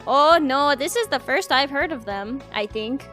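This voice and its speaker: A woman's voice: sits high, expressive, unhurried, pushed and bright, soft background music, full character voice. A woman voicing a young student bird, the game's hero, in a put-on Canadian accent, earnest and plain.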